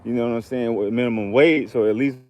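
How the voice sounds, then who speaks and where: A man's voice: mid-range voice, fairly even intonation, quick pace, darkish tone, lo-fi sound. A man from Georgia, telling a heated, profane story in a casual rant to camera. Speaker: vlogger.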